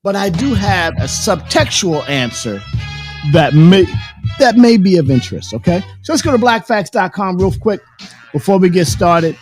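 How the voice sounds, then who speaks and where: A man hosting a casual live stream, telling loud, profane stories with lots of laughter and sing-song bits. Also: sits high, sing-song, normal speed, faint music behind. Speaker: host.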